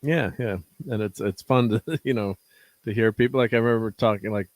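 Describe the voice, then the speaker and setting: A man's voice: lowish voice, a little fast, no room sound. Man, middle-aged, podcast co-host, rambling casual stories, chuckles, dry close mic.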